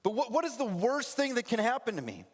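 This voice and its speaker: A male pastor giving a lively sermon in a church, acting out scenes in different voices. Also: extremely high pitch, quick pace. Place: church sanctuary. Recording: echoey church hall.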